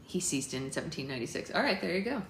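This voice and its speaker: A woman's voice: on the low side, big pitch swings, fast talker. A woman hosting a book club, reading a novel aloud and breaking off for chatty asides. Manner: chatty, breaks off to comment and laugh. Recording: roomy echo with faint ambience.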